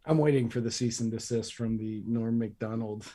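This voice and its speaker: A man's voice: medium pitch, steady tone, moderate pace, dark tone. A man co-hosting a podcast, talking casually and hesitantly with fillers. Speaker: podcast co-host. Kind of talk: casual chat.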